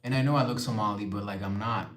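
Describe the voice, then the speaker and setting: This livestream host, a young man, talks quickly in a lowish voice with a fairly bright tone. He reads out comments from viewers and responds in a chatty, casual way, his voice echoing around the room.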